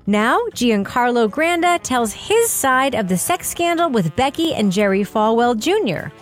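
Woman, podcast host, upbeat, laughs easily, fairly high voice. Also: lively intonation, measured pace, soft background music. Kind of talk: casual chat.

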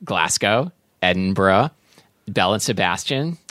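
A man co-hosting a casual food podcast, joking in a dry, deadpan way. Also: sits low, unhurried, no room sound. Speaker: podcast co-host.

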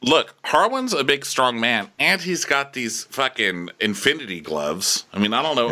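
A man's voice: mid-range voice, big pitch swings, moderate pace, bright, forceful tone. A man co-hosting a comedic TV recap podcast, chatting casually and acting out characters in silly voices. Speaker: podcast co-host.

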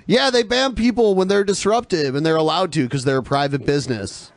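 A man hosting a podcast, firing quick, challenging retorts in casual banter. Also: a little high, no room sound. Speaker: host.

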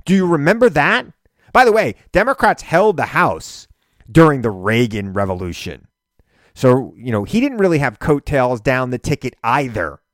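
Fired-up radio host, a man, medium-pitched, emphatic and exasperated. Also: moderate pace, no room sound, clean studio sound. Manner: animated, indignant, rising to emphatic peaks. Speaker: radio talk show host. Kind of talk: political commentary monologue.

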